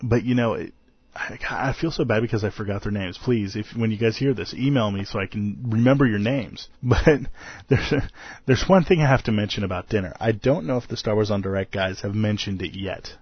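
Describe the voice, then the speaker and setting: A man's voice: fairly low pitch, normal speed, husky, no echo, muffled recording. Tired, rambling male podcast host. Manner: rambling, self-deprecating, laughs often. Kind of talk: casual convention recap.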